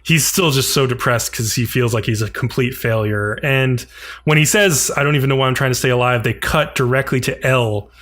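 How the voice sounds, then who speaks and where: Guy co-hosting a podcast, retelling a show all animated, says like a lot, average pitch. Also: brisk. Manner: animated retelling, frequent "like", acts out characters' lines. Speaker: podcast co-host. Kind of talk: casual episode recap.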